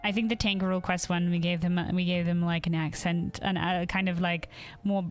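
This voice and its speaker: A woman's voice: lowish voice, flat delivery, normal speed, faint music behind. A young woman streaming a video game, chatting casually; she laughs often, swears, and restarts her sentences as she rambles. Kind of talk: casual live-stream chat.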